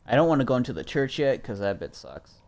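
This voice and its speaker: Playing a horror game on stream, a young Minnesotan keeps up relaxed, chatty commentary with his viewers, cursing frequently. He speaks at a quick pace in a mid-range voice.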